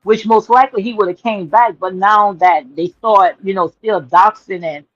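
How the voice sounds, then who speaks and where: A woman's voice: mid-range voice, normal speed, dry recording, muffled recording, faint music behind. A woman hosting a casual livestream on her phone, talking in a sassy, emphatic way, repeating her points and calling listeners "honey.". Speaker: livestream commentary host.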